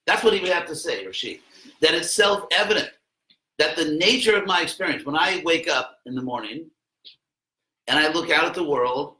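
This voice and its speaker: Male teacher, bright and energetic, conversational lecture to students in an echoey classroom. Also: a little high, moderate pace. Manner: conversational, jokey asides, acts out quotes with a raised voice. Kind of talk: informal philosophy lesson to students.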